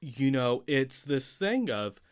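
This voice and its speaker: A man with a mid-range voice co-hosts a relaxed podcast. He rambles through a recap with playful asides. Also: mid-range voice, slow pace, clean tone. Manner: rambling, filler-heavy, playful. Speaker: podcast co-host. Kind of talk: casual chat.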